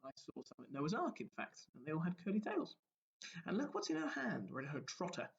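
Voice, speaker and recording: A man, a primary school teacher giving a recorded lesson, explaining gently and asking the children questions. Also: high-pitched, huge pitch swings, fairly quick, creaky, lo-fi sound.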